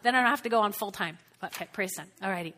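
A woman pastor preaching a sermon and leading prayer, animated and exuberant with sudden exclamations. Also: mid-range voice, fast talker.

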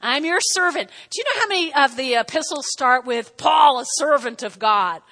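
A woman preaching a sermon in an animated way, often breaking off to ask "okay?" and acting out little scenes. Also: high voice, normal speed. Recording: long hall reverb.

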